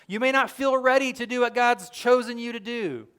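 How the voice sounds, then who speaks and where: A young adult male pastor giving a sermon, telling the story with lively, acted-out quotes and earnest direct address. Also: very high-pitched, moderate pace, smooth. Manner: animated storytelling, acting out quoted lines.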